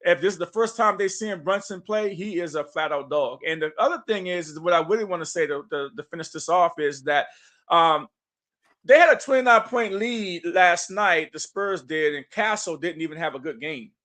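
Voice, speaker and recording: A man's voice: high voice, lively intonation, moderate pace, pushed and bright. A man co-hosting a sports podcast, talking basketball in an emphatic, punchy, hyped-up way. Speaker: podcast co-host. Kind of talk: casual sports talk.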